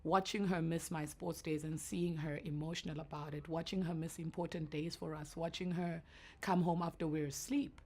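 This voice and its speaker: A woman in her thirties with a naturally deep voice, talking earnestly and reflectively as a guest in an interview. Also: fairly even intonation, normal speed, mellow. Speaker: entrepreneur guest. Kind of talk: emotional interview answers.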